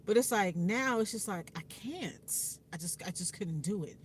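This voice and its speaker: A woman's voice: medium pitch, lively intonation, normal speed, a little hiss or hum. A woman vlogging in a frank, profane way, with lots of fillers. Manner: candid, frank and profane, with frequent fillers and laughs. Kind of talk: casual personal vlog talk.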